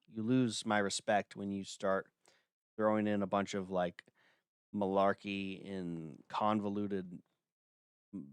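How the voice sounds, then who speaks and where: A man's voice: fairly low pitch, no echo, clean studio sound. A man hosting a livestream, talking casually in a blunt, dismissive way with lots of filler words. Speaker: livestream host.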